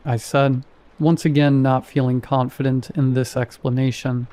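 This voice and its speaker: Man reading a scary story out loud, calm and measured, warm mellow voice. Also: mid-range voice. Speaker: horror story narrator. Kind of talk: scripted first-person narration.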